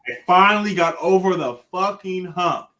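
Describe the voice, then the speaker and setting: A man giving excited, profanity-laced sports takes on a casual podcast, telling stories with lots of energy. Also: high-pitched, normal speed. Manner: animated storyteller, swears freely. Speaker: podcast panelist.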